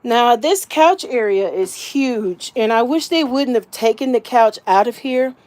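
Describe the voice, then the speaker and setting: A woman's voice: a little high, expressive, unhurried, a little mellow. A woman, likely a grandmother, giving a casual, homey walkthrough of her small camper while filming as she walks. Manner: chatty, homey, fond of the word little. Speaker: vlogger giving a camper tour.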